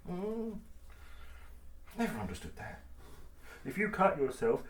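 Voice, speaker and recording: A man chatting and swearing casually as he cuts meat in his home kitchen. He laughs often and gets loud and then quiet. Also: high voice, sing-song, takes it slowly, long pauses. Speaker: vlogger. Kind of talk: casual cooking vlog. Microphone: mic on the kitchen table.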